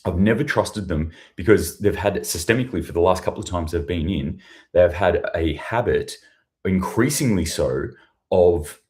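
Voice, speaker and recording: A man's voice: low-pitched, normal speed, a little mellow. A man with an Australian accent, hosting a casual livestream from a hotel room, rambling and sarcastic and swearing freely. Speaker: prepping news show host.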